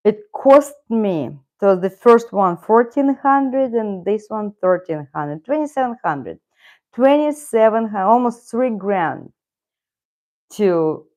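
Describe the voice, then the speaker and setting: A woman's voice: medium pitch, a little mellow, muffled recording. A middle-aged woman from Russia, a native Russian speaker, hosting a casual live stream with rambling, self-correcting talk and frequent chuckles. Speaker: channel host.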